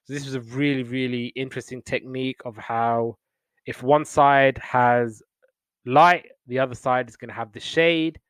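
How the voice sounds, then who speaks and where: A young man, a podcast host, chatting casually and retelling old TV episodes in a rambling, animated way. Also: medium pitch, moderate pace, clean tone, no echo. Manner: rambling, animated retelling with playful quoted voices. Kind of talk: casual chat.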